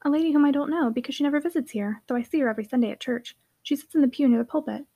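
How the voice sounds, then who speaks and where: Plain, earnest little girl, quick talker, played by a woman. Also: high-pitched, warm tone.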